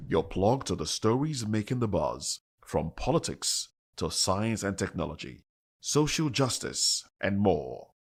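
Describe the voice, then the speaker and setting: A man's voice: lowish voice, big pitch swings, measured pace, husky. A man narrating a television promo in a punchy, emphatic announcer delivery. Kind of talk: dramatic scripted promo narration.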